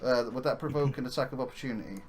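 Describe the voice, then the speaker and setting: A man's voice: mid-range voice, rapid-fire, slight background noise. A man playing a tabletop game, describing what his character does in a hesitant way full of fillers. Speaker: player.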